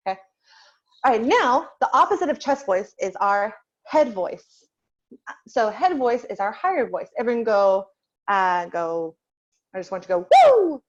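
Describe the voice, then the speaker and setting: A woman's voice: on the high side, sing-song, moderate pace, dull audio. A woman voice teacher leading an online group lesson over a video call, patiently asking the class questions and waiting for answers.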